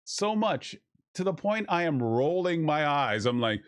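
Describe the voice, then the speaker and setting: A man reviewing a film in casual chat, rambling and animated, swearing casually. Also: on the high side, unhurried, clear, resonant tone.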